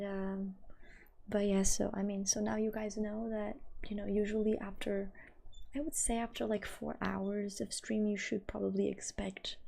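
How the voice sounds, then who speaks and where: A woman from Portugal with a light Portuguese accent, chatting casually with her livestream viewers, laughing often and sometimes dropping into a soft whisper. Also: mid-range voice, vocal fry. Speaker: streamer.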